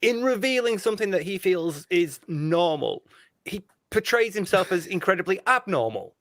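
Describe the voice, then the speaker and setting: A man's voice: high-pitched, normal speed, no room sound, clean studio sound. A man with a British accent telling a story in a casual podcast chat, putting on voices. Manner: animated storytelling, mock quotes. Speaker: podcast co-host.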